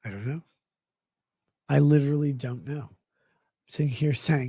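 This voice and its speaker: Male streamer, gravelly and husky, sarcastic crude rambling, dry sound. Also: medium pitch, normal speed, warm tone, dry recording.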